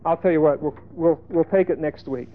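Emphatic preacher on a tinny tape. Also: male voice, on the high side, brisk. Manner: emphatic, folksy, with sudden loud bursts and asides of "see". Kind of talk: sermon. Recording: tinny phone-like lo-fi sermon tape.

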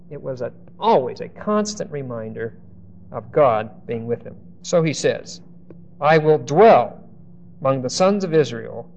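A man teaching a Bible study class, stressing key words by slowing down and often hesitating or restarting phrases. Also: mid-range voice, a little mellow. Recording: dull lo-fi recording.

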